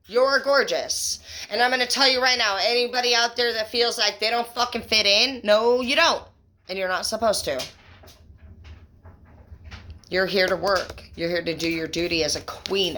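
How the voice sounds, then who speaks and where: Bright, excitable woman reading tarot. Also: medium pitch. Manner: excitable, profane and emphatic, gushing praise; affectionate pet names, conversational fillers. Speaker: tarot reader. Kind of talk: tarot reading vlog addressed to viewers.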